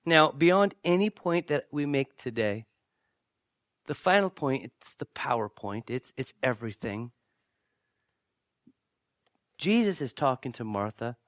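A male pastor preaching a sermon with jokey asides to the congregation, swinging from loud bursts to hushed, near-whispered lines. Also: medium pitch, lively intonation, unhurried, pauses often, no echo, clean studio sound.

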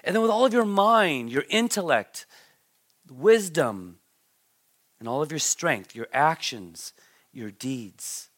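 Emphatic pastor preaching a sermon. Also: male voice, fairly high pitch, lively intonation, slow pace, long pauses. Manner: emphatic, swings between loud stresses and quiet asides, repeats words; asks the congregation questions.

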